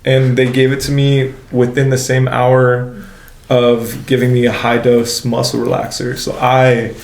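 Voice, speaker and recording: Slangy young man with a gravelly voice. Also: medium pitch, completely flat delivery, measured pace, a little mellow, slight background noise. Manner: slangy, swears often, fills speech with "like". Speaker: guest. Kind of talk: casual storytelling. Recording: echoey room.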